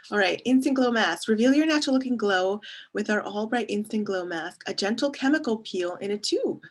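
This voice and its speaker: A beauty vlogger in her thirties reviews a face mask, chatting casually and wandering off on tangents. Her mid-range voice is brisk with lively intonation, and she laughs often and reads product labels aloud.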